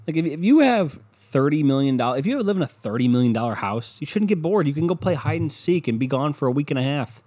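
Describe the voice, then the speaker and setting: This podcast host speaks in a fairly high, sing-song voice that's a little mellow, moving quickly with few pauses. Alone at his desk, he browses online maps and rambles casually, swearing sarcastically into his computer microphone.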